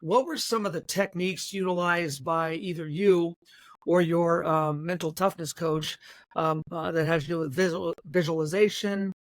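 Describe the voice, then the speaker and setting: A man hosting a podcast interview, friendly and quick to laugh, with frequent hesitant fillers. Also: on the high side, fairly even intonation, no echo. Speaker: podcast host.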